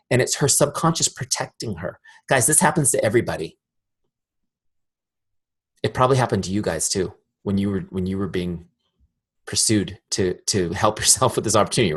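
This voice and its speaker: A man giving a live sales training talk in a direct, energetic way, often asking the audience questions. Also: on the low side, slightly rough.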